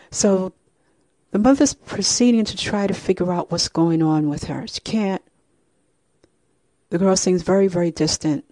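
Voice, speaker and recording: A woman hosting her own show, telling a family story at a measured pace. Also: lowish voice, mellow, no room sound, clean studio sound. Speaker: host.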